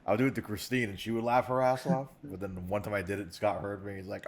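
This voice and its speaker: Man, podcast co-host, low voice, loose rambling delivery full of "like"s and restarts, casual studio banter. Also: quick pace, few pauses. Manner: rambling, many restarts and "like"s, animated asides. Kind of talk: casual chat. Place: podcast studio set in a recording studio.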